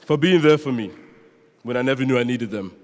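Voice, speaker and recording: A man's voice: medium pitch, fairly quick. A young man from London giving an earnest prepared speech as a student speaker in a large chapel, joking with the audience at times. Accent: London English. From London, born in Nigeria. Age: young adult. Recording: long reverb of a chapel hall.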